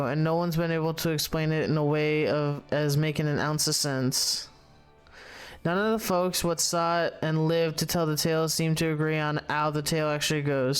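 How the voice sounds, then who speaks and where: A gruff, salty tavern keeper, read aloud by a man in a slightly high, clear voice. He trips over the words and starts again as he reads the game's dialogue, with faint game music underneath. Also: close to an everyday voice. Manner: reads the game text aloud, stumbling and restarting.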